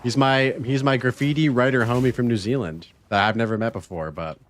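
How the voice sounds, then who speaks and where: A man's voice: medium pitch, fairly even intonation, brisk, a little hiss or hum. A man streaming a game, casually chatting with his viewers in a laid-back, rambling way. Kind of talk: casual gaming stream chat.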